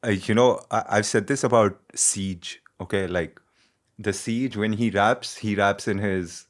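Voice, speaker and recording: Excitable Indian-accented man reacting. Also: on the low side, measured pace. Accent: Indian English. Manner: excitable, swears freely, laughs often. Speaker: reaction video host. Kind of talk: casual music reaction commentary.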